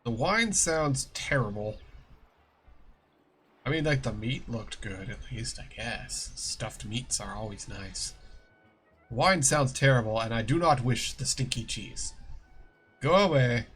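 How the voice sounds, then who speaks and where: A man streaming a video game, making goofy, sarcastic, deadpan remarks in casual commentary. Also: medium pitch, unhurried, soft background music. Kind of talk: casual let's-play commentary.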